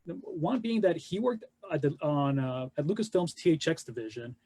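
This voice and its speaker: A man co-hosting a casual live webcast, talking haltingly with many restarts. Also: a little high, very animated, dark tone, slightly rough. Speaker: co-host.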